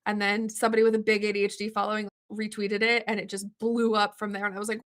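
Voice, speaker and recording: Woman guest on a video call: animated, rambling storyteller who leans on "like", mid-pitched. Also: fast. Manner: rambling, animated, lots of "like" fillers. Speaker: interview guest, comic artist. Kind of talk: casual storytelling in an interview.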